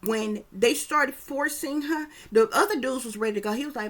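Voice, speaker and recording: Woman psychic reader, slightly high-pitched, emphatic and profane, loose conversational delivery. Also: normal speed. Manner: emphatic, profane, keeps checking in with listeners. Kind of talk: casual psychic reading commentary.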